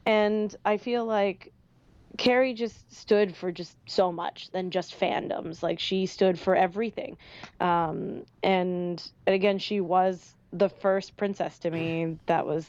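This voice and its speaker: A woman's voice: medium pitch, moderate pace, no echo. Chatty woman on a dull dry mic. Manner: animated, rambling, frequent fillers. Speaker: podcast panelist. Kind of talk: casual fan podcast discussion.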